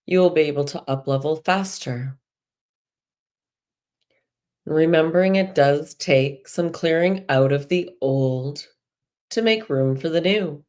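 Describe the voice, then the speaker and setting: A woman, a spiritual healer hosting a live show, leads a guided meditation in a slow, soothing voice with a slight Irish lilt. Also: low voice, darkish tone.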